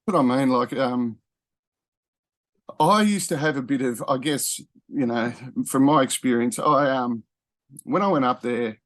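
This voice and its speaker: A man talks in an easygoing, meandering way, stopping to correct himself and filling gaps with "you know" and "um". His voice sits at an average pitch for a man. The recording is dry and close, with no room sound. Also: unhurried, long pauses, a bit bright, dry recording. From Australia. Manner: rambling, with frequent fillers and self-corrections. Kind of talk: casual conversational talk.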